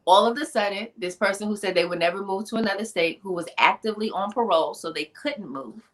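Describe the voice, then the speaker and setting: A woman guest on a podcast, an author and speaker, telling her life story in an emphatic, animated, conversational way with slang asides. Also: medium pitch, quick pace. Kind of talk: personal storytelling in a podcast interview.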